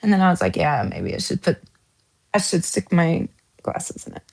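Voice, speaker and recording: A woman's voice: fairly low pitch, big pitch swings, moderate pace, creaky, a little mellow. A woman from the American South with a Southern accent, hosting a casual true crime chat, giggly with lots of ums and restarts. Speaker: true crime channel host.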